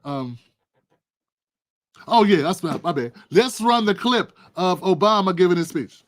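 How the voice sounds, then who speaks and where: A man's voice: sits high, expressive, a little slow. A man hosting a casual political commentary livestream, talking straight to his viewers in a playful, riffing way.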